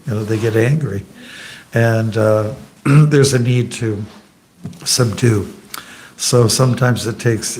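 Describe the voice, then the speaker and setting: A man's voice: on the low side, darkish tone, a little hiss or hum. Chatty man teaching a scripture class. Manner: chatty and joking, asks the audience questions. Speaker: monk giving a scripture class. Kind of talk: informal scripture class with anecdotes. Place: temple hall.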